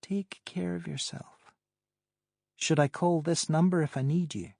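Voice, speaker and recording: A woman's voice: low voice, fairly even intonation, unhurried, vocal fry, a little mellow, dry recording, studio quality, voice pushed up, heavily acted. A man voicing a woman on the phone who teases in a lightly amused way. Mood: curious. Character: warm teasing woman on the phone.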